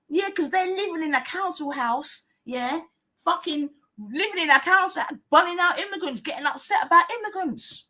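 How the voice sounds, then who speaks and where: A woman's voice: very high voice, lively intonation, moderate pace, sharp tone. A woman hosting a livestream, ranting combatively in heavy slang and swearing, repeating her points. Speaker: livestream host. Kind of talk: heated livestream rant.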